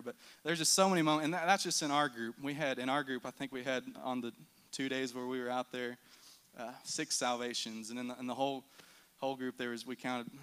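A man's voice: medium pitch, sharp tone, clean tone. A man giving a church mission report as an earnest storyteller. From United States. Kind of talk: church testimony talk.

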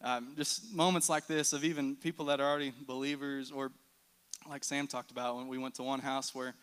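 Guy telling church mission stories, bright clear voice, earnest. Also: mid-range voice, steady tone, a little fast. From United States. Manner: storytelling, earnest, with restarts. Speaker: mission team member giving report. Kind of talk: church testimony talk.

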